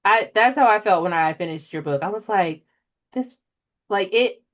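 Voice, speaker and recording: Expressive young woman hosting a chat. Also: normal speed. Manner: emotional, animated storyteller with big pitch jumps in quoted reactions. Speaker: podcast host. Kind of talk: casual chat.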